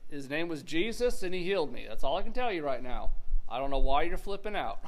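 A man's voice: fairly high pitch, sing-song, a little fast, voice pushed down, rough recording. A man voicing a plain-spoken healed blind man, casual and matter-of-fact. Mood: puzzled.

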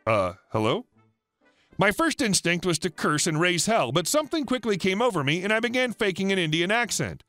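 A man reading a first-person story aloud as a scripted narration, in a flat deadpan storytelling manner. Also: sits high, a little fast, hardly any pauses, no room sound, faint music behind.

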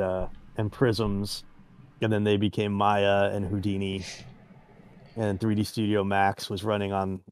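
A man's voice: lowish voice, clear, resonant tone, no room sound. A man co-hosting a casual video-call podcast, rambling and trailing off as he recalls things. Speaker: podcast co-host. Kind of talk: casual chat.

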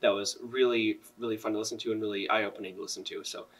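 A teenage boy guests on a casual podcast, talking quickly in a polite, articulate way. He sits a little back from the mic. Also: on the low side, fairly even intonation, a bit bright, far from the mic, poor audio. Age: teens. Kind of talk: casual chat.

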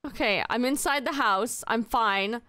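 A young woman streaming a game live, exasperated and swearing as she yells at her chat. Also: a little high, a little slow, no room sound, clean studio sound.

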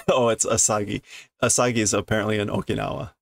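A man's voice: on the low side, level tone, fast, creaky, no room sound. A man casually reading a comic aloud on stream, amused and explaining the story as he goes. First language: English. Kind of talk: casual read-through with commentary.

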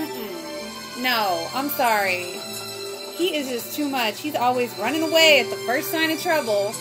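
A woman reacts to a TV episode in casual commentary, talking back to the screen. Her voice sits high and swings widely. She speaks at an unhurried, drawn-out pace, and the show's music plays clearly behind her. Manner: expressive, exclaiming, talks back to the screen. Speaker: reaction video host. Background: TV episode audio playing.

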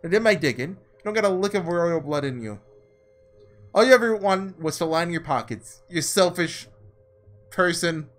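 A man's voice: sits high, expressive, moderate pace, a bit bright, faint music behind. A man voicing a scornful young man from the slums, speaking in a slangy, mocking drawl.

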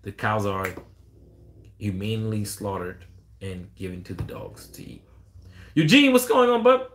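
Speaking a little slowly in a lowish voice, this man is a dog breeder fielding questions on a relaxed live stream. He's blunt and lively, quoting callers in a louder voice.

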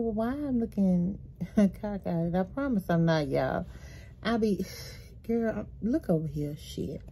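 A sleepy, worn-out woman with a lowish, dark voice chats casually to camera in her home kitchen, laid-back and tired. She calls viewers y'all and swears casually, in an echoey room with background noise.

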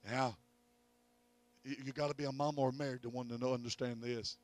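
A middle-aged evangelist preaching at a revival, telling a family story and rising to loud peaks of faith. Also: male voice, medium pitch, fairly even intonation, brisk, pauses often. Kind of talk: revival sermon. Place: church.

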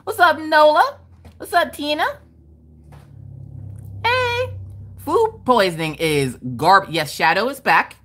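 A woman runs a casual crafting livestream, greeting viewers by name and reading their comments aloud with playful laughter. Her high-pitched, fairly bright voice is expressive, and she takes her time with long pauses.

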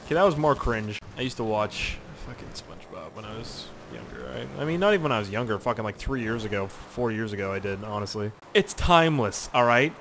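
A young man from Canada giving rambling, profane gameplay commentary with sudden excited yelps. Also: medium pitch, a little fast, hardly any pauses, a little hiss or hum. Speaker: gaming channel host.

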